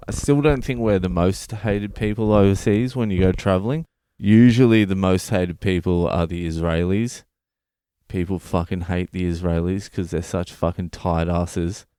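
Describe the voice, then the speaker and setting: A man's voice: low-pitched, moderate pace, mellow, clean tone, no echo, studio quality. An Australian man in his thirties, a comedian hosting his own podcast, delivering a profane, ranting comedic monologue.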